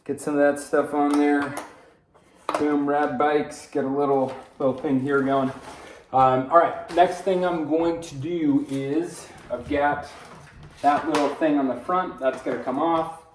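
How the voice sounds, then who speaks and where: Slow, roomy, distant man working. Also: a little high, steady tone. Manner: rambling, talks to himself while working, joking asides. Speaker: vlogger assembling a bike. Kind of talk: casual unboxing and assembly walkthrough. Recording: roomy, distant mic, clear background noise.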